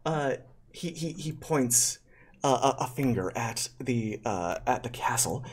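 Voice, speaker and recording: A game master narrating a tabletop game on a live stream, talking haltingly with many fillers and thanking donors. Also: medium pitch, expressive, slightly rough.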